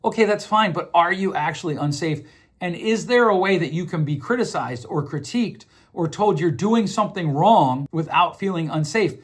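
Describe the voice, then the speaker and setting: Slightly rough and fairly high, his voice is animated and moves at a normal speed. The middle-aged podcast host lays out ideas in a relaxed, chatty way, echoing words while thinking and voicing the people he quotes.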